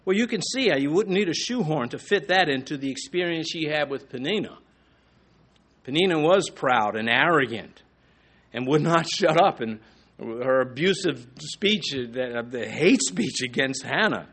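A man preaching a sermon, reading scripture slowly with rising emphasis and dropping to a soft, low voice for asides. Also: expressive. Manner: slows and rises in pitch on quoted scripture. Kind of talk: expository sermon.

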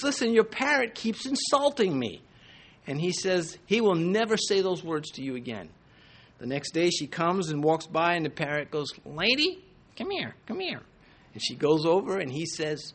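Middle-aged pastor, animated sermon delivery, high, swooping voice. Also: male voice. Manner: animated preaching with jokes and asides.

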